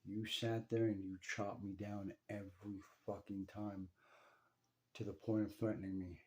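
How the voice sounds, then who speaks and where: Intense low-voiced man telling a raw story. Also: level tone, a little mellow. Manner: intense, profane, halting with repeats. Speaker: son telling a personal story. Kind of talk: emotional first-person address.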